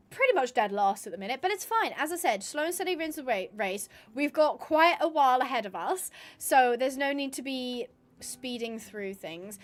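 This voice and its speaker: A young woman talks through a gaming stream in a loose, rambling way. Her voice sits high, and she fills the gaps with ums, likes and restarted phrases. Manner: chatty and rambling, with many fillers and restarts. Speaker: streamer and roleplayer. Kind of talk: casual live-stream chat while gaming.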